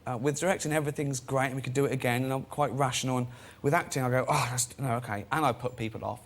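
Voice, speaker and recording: A man's voice: medium pitch, fairly even intonation, racing. A man, a guest on a chat show, telling self-deprecating stories and acting out the voices of people in them. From England. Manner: self-deprecating, acts out quoted voices, laughs at own stories. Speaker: guest comedian and director.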